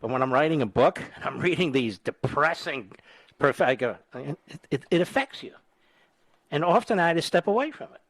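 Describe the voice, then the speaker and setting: A man in his 60s hosts a talk radio show, his voice on the high side at a moderate pace, recorded with dry studio sound. A wisecracking, lively storyteller, he chats casually and spins tales laced with dry jokes.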